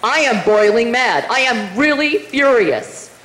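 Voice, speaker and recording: In a meeting room, a middle-aged woman delivers a rousing political rally speech in a high-leaning, sing-song voice at a measured pace. Emphatic, she pelts the crowd with rhetorical questions, recorded in a roomy hall with faint noise.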